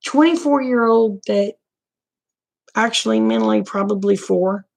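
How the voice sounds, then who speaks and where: A woman's voice: a little high, unhurried, creaky, a little mellow. A middle-aged woman, chatting frankly and folksily to her viewers, laughing often. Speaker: vlogger. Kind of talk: casual livestream chat.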